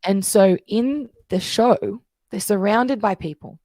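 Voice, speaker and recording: A woman's voice: mid-range voice, takes it slowly, darkish tone, no room sound, studio quality. A woman guest coach explaining things in casual interview chat, telling stories and acting out the voices she quotes.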